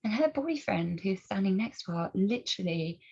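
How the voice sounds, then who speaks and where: An earnest woman talks straight to camera at a middle pitch, asking pointed rhetorical questions. She often restarts her sentences as she goes. The recording sounds dull and a little lo-fi. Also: animated, normal speed, creaky, a little mellow, slightly rough. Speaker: campaigner speaking to camera. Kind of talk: personal commentary and storytelling.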